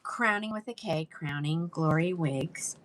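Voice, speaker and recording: Woman, livestream seller, chatty, greets viewers by name, fairly low voice. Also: a little slow. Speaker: live-selling wig seller. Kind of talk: casual livestream sales chat.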